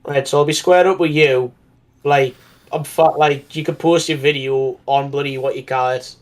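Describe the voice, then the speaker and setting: A man's voice: on the high side, fairly even intonation, moderate pace. A man on a casual voice call, speaking in a blunt, insistent way and swearing freely. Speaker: call participant.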